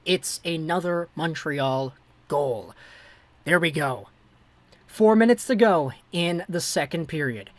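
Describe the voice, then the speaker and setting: Excitable woman calling hockey live. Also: low voice, takes it slowly, dry recording. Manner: excitable, swings between hushed worry and shouting. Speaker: livestream host. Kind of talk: live fan play-by-play commentary.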